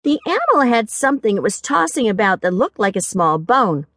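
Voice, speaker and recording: A woman narrating a first-person mystery audiobook in a wry, expressive way, recorded on a studio mic. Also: fairly high pitch, brisk, dry recording.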